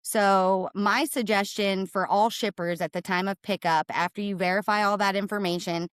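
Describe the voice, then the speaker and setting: Woman, smooth resonant voice, dry close sound, brisk emphatic explainer, podcast guest. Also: mid-range voice, fairly even intonation, no room sound. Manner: brisk, emphatic, tags points with "right?". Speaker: cargo claims and risk manager, guest.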